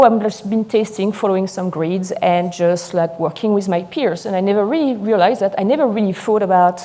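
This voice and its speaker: A woman from France with a French accent giving a live seminar lecture as a sommelier, talking fast and excitedly. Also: medium pitch.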